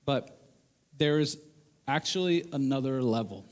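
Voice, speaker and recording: A man preaching a sermon to men, earnest and animated, acting out the voices he quotes. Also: medium pitch, measured pace. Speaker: pastor.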